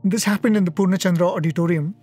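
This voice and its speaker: A man giving a devotional storytelling talk, earnest and reflective, with soft hesitations. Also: sits high, steady tone, quick pace, soft background music. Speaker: satsang speaker.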